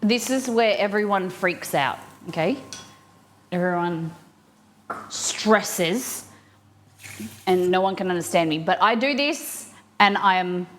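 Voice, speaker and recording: A woman's voice: medium pitch, lively intonation, takes it slowly, long pauses, a little hiss or hum. A woman hosting a casual live cooking stream from her kitchen, chatting playfully and laughing at herself. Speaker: cooking show host. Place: home kitchen, indoors. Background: frying and sizzling in a pan.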